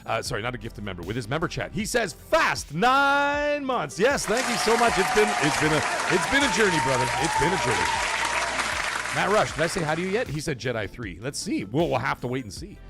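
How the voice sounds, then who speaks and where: A man in his thirties hosting a live gaming stream, chatting and reading viewer super chats, breaking into loud excited shouts. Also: on the high side, fast talker, loud music behind the voice, a loud crowd. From Canada. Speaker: host of a gaming livestream.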